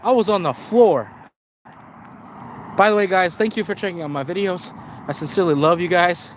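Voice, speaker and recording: A man's voice: sits high, normal speed, slight background noise. A man hosting his own channel, chatting casually on a live stream, rambling and swearing often, with frequent restarts and stumbles. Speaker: channel host.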